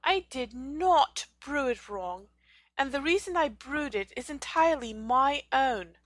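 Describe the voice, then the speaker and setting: An earnest, tearful young witch, voiced by a woman in a storybook reading. Her voice is high and bright, her lines slow and emotional, and the recording is dry and close. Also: lively intonation, no echo. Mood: defensive. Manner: pleading, emotional. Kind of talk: fan fiction audiobook reading.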